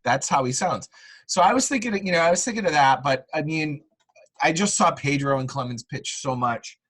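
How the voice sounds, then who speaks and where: Animated, rambling podcast host. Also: male voice, fairly high pitch, normal speed, husky, low-quality recording. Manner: rambling, animated storytelling with many fillers. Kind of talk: casual podcast chat.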